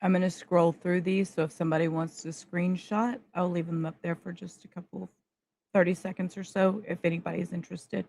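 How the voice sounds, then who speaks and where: A woman's voice: fairly low pitch, level tone, brisk, vocal fry, noisy background. A woman hosting a live stream, making casual, chatty asides to her viewers. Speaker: livestream host.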